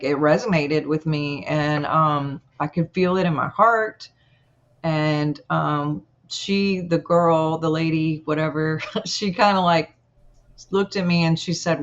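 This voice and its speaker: A woman guest telling a personal story in an interview, earnest and halting, with many pauses. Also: low voice, highs cut off.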